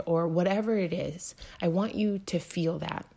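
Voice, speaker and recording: An earnest woman in her thirties talks her listeners through hard seasons of life, direct and encouraging. Her fairly low voice is gravelly and husky, with lots of fry. She often sinks into a near whisper to make a point. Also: steady tone, a little slow, few pauses, warm tone. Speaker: motivational podcast host. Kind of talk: encouraging self-help talk.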